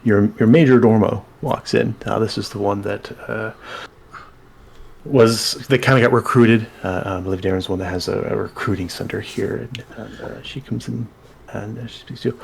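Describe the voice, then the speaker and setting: A man narrating a tabletop game as dungeon master, halting and full of fillers. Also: fairly low pitch, fairly even intonation, creaky, husky.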